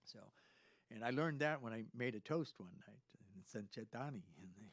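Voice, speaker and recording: A man's voice: medium pitch, lively intonation, normal speed. Rambling male storyteller host. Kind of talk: casual chat.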